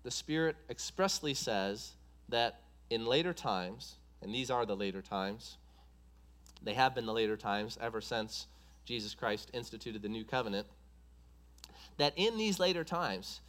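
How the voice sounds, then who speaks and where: A man's voice: medium pitch, expressive, measured pace, a bit bright. A man preaching a sermon, driving points home with an emphatic, repetitive cadence.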